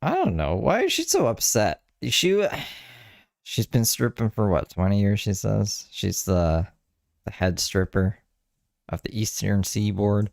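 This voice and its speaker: A man with a very low voice that swoops up and down as he mocks and teases in casual commentary. His sound is dry and close, with no room echo. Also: sing-song, unhurried, vocal fry, a little mellow. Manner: sarcastic, teasing. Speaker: host reacting to a clip.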